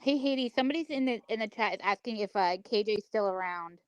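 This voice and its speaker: A woman's voice: mid-range voice, fast, clear, resonant tone, no room sound. A woman chatting casually on a live-stream panel, laughing often between remarks.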